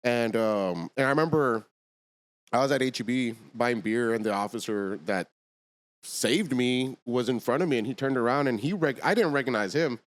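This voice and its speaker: A man, a podcast guest, talking in relaxed slang in a casual chat. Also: mid-range voice, moderate pace. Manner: laid-back slang, calls people dog and bro.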